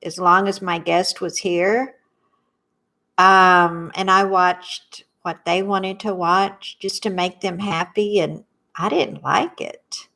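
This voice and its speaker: Woman, Southern accent, middle-aged, unhurried delivery, gentle guided workshop leader, repeat-after-me phrasing. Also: on the low side, fairly even intonation, gravelly. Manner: slow, soothing, lets viewers repeat after her. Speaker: tapping workshop host. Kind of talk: guided tapping workshop on a livestream.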